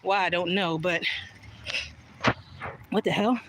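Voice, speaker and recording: A woman's voice: lowish voice, fairly even intonation, slow pace, noisy background. A woman chatting casually on a livestream while walking outdoors in the evening, frankly and with swearing, reading viewer comments aloud. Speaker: livestream vlogger.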